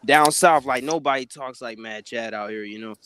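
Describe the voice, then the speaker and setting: A man's voice: medium pitch, normal speed, fairly bright tone, clean tone. A man chatting casually as a podcast guest in a laid-back way, often adding "man".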